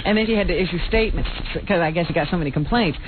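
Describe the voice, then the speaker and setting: Wry radio cohost, high bouncy voice, matter of fact, tinny with music going. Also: male voice, racing, background noise. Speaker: radio co-host. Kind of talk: news-reading sidekick banter. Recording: tinny phone-like band with music behind.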